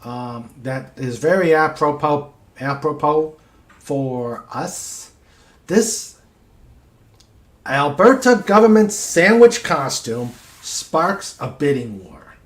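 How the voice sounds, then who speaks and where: A man's voice: a little high, expressive, reverberant. A man hosting a casual chat show, reading out odd news stories with asides. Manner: slow, reads news items aloud with asides. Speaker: host.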